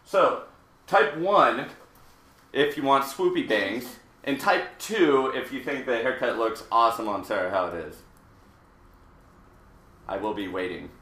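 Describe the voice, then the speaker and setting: Cutting hair on a live show, this man in his thirties chats and rambles, dropping jokes along the way. He speaks in a mid-range voice that is expressive, pushed and bright, unhurried and broken by long pauses, all picked up through roomy, distant stream audio.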